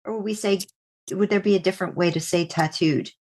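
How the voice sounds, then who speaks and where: A woman's voice: on the low side, steady tone, brisk, a little mellow. A woman co-hosting a podcast, who mostly listens with short murmurs and asks questions now and then. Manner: lots of short agreeing murmurs. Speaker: podcast co-host. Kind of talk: casual chat, listening.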